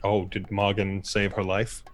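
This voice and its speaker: A man's voice: lowish voice, completely flat delivery, measured pace. A man playing a tabletop role-playing game, thinking aloud and hesitating over his choices. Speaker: player.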